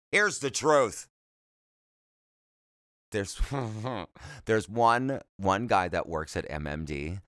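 A man's voice: on the low side, lively intonation, slow, long pauses, fairly bright tone, no room sound. A man hosting a solo podcast, rambling in a chatty, self-deprecating way with jokey asides, speaking close to the mic. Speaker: podcast host.

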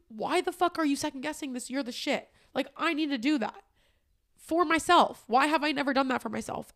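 Tearful young woman podcast host. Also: fairly high pitch. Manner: candid and tearful, often swearing, emphatic. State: crying at times. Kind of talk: personal, emotional solo podcast talk.

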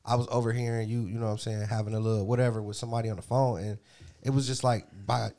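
Man, mid pitch, casual podcast co-host, earnest, profane, reflective. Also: little pitch movement, racing, dark tone. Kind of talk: casual chat. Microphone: studio mic.

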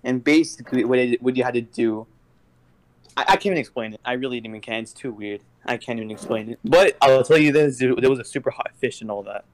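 A man's voice: medium pitch, quick pace, a little hiss or hum. A young man co-hosting a casual podcast, telling a story in a rambling, hesitant way and losing the thread. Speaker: podcast co-host.

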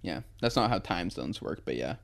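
This young podcast co-host from the United States keeps the casual chat laid-back, with frequent laughter and easy swearing. He has a low voice with big pitch swings and speaks at a moderate pace.

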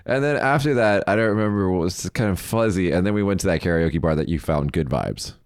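A man co-hosting a podcast, telling stories in casual, animated chat with quick laughs. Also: low voice, clean tone, dry recording, studio quality. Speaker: podcast co-host.

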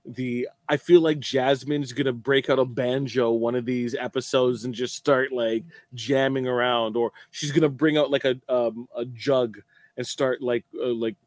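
A man co-hosting a relaxed reality-TV talk show. He speaks wryly and teases the contestants. His voice sits in a middle register and sounds dry and close, with no room around it. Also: medium pitch, moderate pace, dry recording. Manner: wry, mocking impressions. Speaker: podcast co-host. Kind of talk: casual chat.

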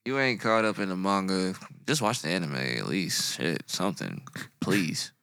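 A man's voice: low-pitched, lively intonation, moderate pace, clear, resonant tone, dry recording, studio quality. A man co-hosting a podcast, chatting casually among friends and swearing freely. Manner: loud, swearing, laughs a lot. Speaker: podcast co-host. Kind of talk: casual chat.

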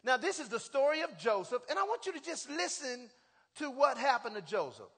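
A man preaching a sermon as pastor, calling on the congregation to answer back and building up to shouts. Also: very high voice, sing-song, fairly quick, slightly rough, big-room sound. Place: church sanctuary.

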